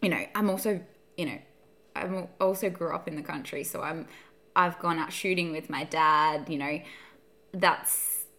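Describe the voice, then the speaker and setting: A woman in casual chat as a podcast co-host, talking fast with lots of fillers and frequent laughs. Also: sits low, a bit bright.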